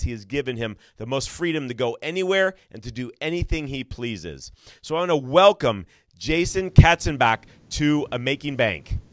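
Energetic guy hosting a podcast, dry close sound, middle pitch. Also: no echo. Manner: upbeat, energetic. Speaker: podcast host. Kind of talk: enthusiastic interview intro.

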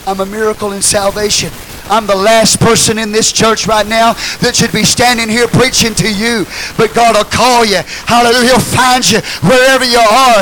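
A man preaching a sermon, swinging between shouted call-and-response lines and low, quiet asides to the congregation. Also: level tone, normal speed, slight background noise, poor audio. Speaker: pastor.

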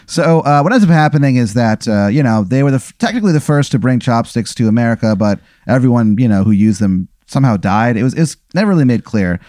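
A man's voice: medium pitch, animated, fast talker, few pauses, darkish tone, no room sound, clean studio sound. A man improvising a story as game master, rambling with many fillers.

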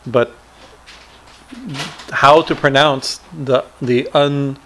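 A man explaining a Sanskrit hymn line by line, chanting verses slowly and talking with many fillers and repeated words. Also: medium pitch, steady tone, fairly bright tone, a little hiss or hum. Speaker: teacher explaining scripture.

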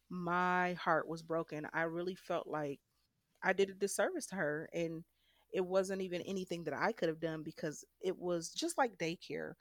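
Candid woman with a low voice. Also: dry recording, clean studio sound. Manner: candid, emphatic, frank. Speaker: guest telling her story. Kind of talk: emotional personal storytelling.

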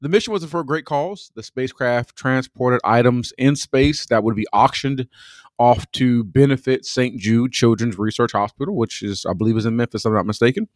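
Casting: podcast co-host, man, easygoing and unhurried, mid pitch, dry close mic. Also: no room sound. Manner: relaxed, halting with fillers and restarts. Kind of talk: casual chat.

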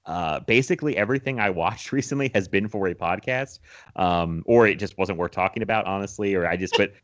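A young man talks casually about films on a podcast, his voice sitting low. He rambles, restarts his sentences and laughs often. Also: brisk, fairly bright tone, dull audio. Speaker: podcast co-host. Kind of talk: casual movie chat.

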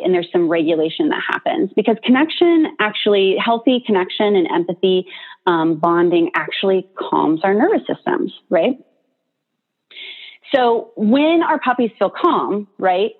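Chatty woman therapist, tinny sound. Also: fairly low pitch. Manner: chatty, lots of "like" and "right?" tag questions. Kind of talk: casual explanatory teaching talk.

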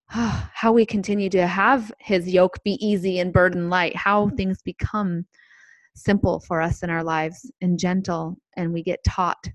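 A woman co-hosting a faith-based podcast, telling a story in a gentle, emotional way. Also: medium pitch, no room sound. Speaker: podcast co-host.

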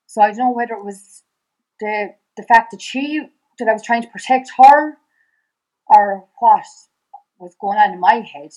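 A woman's voice: medium pitch, normal speed, darkish tone, highs cut off. Irish woman retelling in urgent bursts. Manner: repeats "I said" constantly, re-enacts dialogue with rising voice. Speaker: podcast guest. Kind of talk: emotional personal storytelling.

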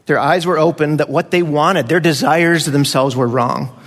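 A man's voice: a little high, normal speed, fairly bright tone, long reverb tail. A man preaching a conversational sermon as pastor, now and then acting out voices of children.

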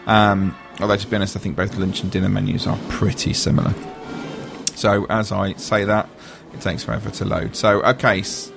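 A chatty man hosts a rambling, jokey conversation. His voice sits a little low and carries a gravelly fry. Faint music plays softly in the background. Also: flat delivery, moderate pace. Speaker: podcast host. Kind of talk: casual chat.

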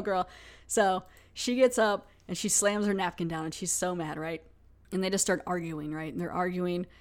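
A woman hosting a podcast, recapping a TV episode in a chatty, casual way full of fillers. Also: mid-range voice. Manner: chatty, lots of "like". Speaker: podcast host.

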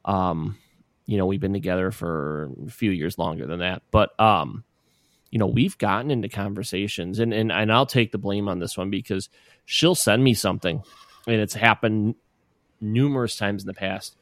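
A man in his thirties co-hosts a podcast, rambling in casual chat with lots of fillers and restarts. His voice is on the low side and a bit bright, at normal speed, in a dry, clean studio recording.

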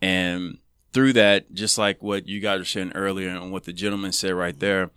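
Man, deep voice, bright and clear tone, earnest personal storytelling, podcast guest. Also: normal speed, no room sound, studio quality. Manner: earnest, animated when quoting himself.

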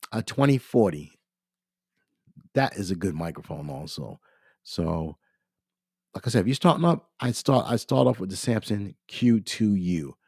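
A man hosting a podcast, talking casually about equipment while congested and clearing his throat, often calling his listeners "ladies and gentlemen". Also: lowish voice, no room sound, studio quality. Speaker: podcast host. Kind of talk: casual gear talk.

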